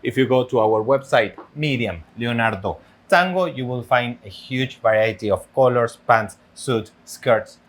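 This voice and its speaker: A man in a tango class explains how to move. He speaks in an even, mid-pitched voice, agrees with his partner, and breaks each step down for the leaders. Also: a little slow, hardly any pauses. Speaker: tango teacher. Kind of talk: dance lesson instruction.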